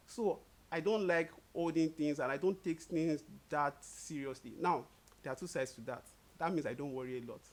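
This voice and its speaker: An easygoing young man co-hosts a relaxed couple chat, his voice a little higher than most men's and his pace moderate. He laughs often and slips into playful quoted voices while telling stories.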